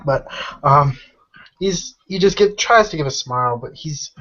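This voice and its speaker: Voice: mid-range voice, lively intonation, unhurried, pushed and bright. A player describing his character's actions in a tabletop role-playing game, hesitant and full of fillers. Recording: muffled online voice chat.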